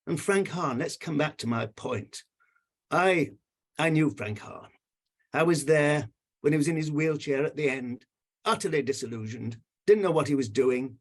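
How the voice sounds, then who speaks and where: An older man on a video call giving emotional, indignant remarks with emphatic repetition. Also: a little high. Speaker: panel commenter.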